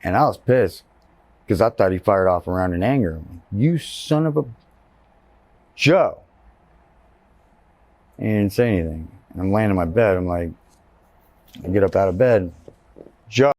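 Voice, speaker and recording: Interviewee: low-pitched Texan man, candid first-person account, dry close sound. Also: a little fast, a little mellow, no room sound. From Texas. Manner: candid, plain-spoken storytelling. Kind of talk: personal testimony.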